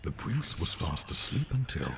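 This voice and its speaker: A man narrating a rhyming bedtime story in a game, with a slow storyteller delivery. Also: sits low, big pitch swings, creaky, fairly bright tone, exaggerated voice.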